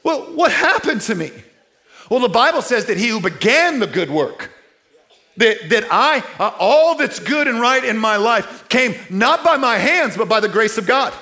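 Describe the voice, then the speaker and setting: Animated, high-voiced male preacher. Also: normal speed. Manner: animated, conversational, rhetorical questions to the audience. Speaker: pastor. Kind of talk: sermon.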